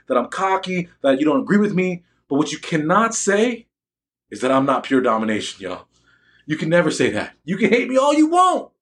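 A young adult man giving a motivational talk to students, boastful and emphatic, often asking the audience questions. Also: on the high side. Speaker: motivational speaker addressing students.

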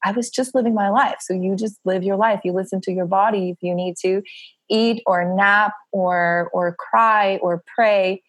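A woman's voice: mid-range voice, fairly even intonation, normal speed, no echo, low-quality recording. A woman in her thirties talks candidly as a podcast guest, with a mid-range voice. She laughs easily between phrases. The recording is dry and close, with no room sound. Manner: open and frank, laughs often between phrases. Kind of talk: candid casual interview chat.

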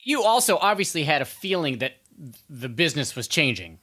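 Man, interviewer, relaxed, bright tone, slightly higher voice. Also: a little fast, husky. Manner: relaxed, chiming in with short agreements. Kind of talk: casual interview.

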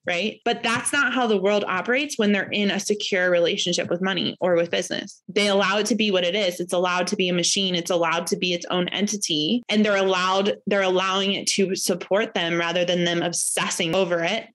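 A woman's voice: a little fast, hardly any pauses, a bit bright. A woman in her thirties giving a casual spoken lesson as a course teacher, chatty, full of fillers and tag questions, acting out quoted voices. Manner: acts out quoted voices with rising pitch.

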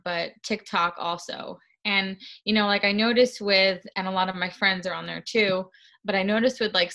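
A woman talking about her dog as an interview guest, speaking earnestly in halting sentences full of fillers and restarts. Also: on the low side, sharp tone. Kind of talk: casual interview conversation.

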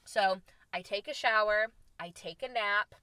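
A young woman telling a travel story in a casual, lively way, acting out the lines she quotes. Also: measured pace, clear, resonant tone, no room sound. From United States. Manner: animated, acts out quoted lines with big pitch jumps. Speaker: storyteller host.

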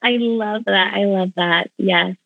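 A woman's voice: mid-range voice, steady tone, measured pace, no room sound. Woman in her thirties, bubbly podcast guest, self-deprecating, dry, tinny call audio. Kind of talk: casual podcast conversation. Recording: thin phone-like remote audio.

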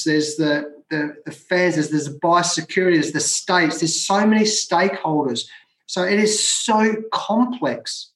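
A middle-aged Australian man with a rather high voice tells his stories with emphasis, circling back to repeat his points. His voice rings with a roomy echo. He sounds like a guest talking freely in an interview. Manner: emphatic, repeats phrases for effect. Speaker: guest, former cricketer. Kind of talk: conversational storytelling.

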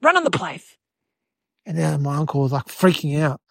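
A woman voicing an eight-year-old city boy, telling a rambling comedic story in a whiny, excitable way. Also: deep voice, normal speed, creaky, no echo, exaggerated voice. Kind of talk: comedic character monologue.

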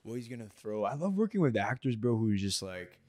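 A man's voice: lowish voice, big pitch swings, quick pace, darkish tone. A man hosting a casual chat, laughing often and talking loosely in slang. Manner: laughs often, slangy, says bro and dude. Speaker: podcast host and actor.

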